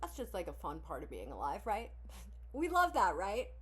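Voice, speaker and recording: A woman's voice: mid-range voice, huge pitch swings, moderate pace, fairly bright tone, slightly rough. A woman hosting a casual song reaction video, talking with blunt, profane candor and frequent sighs. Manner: blunt, candid, profane oversharing with sighs and laughs.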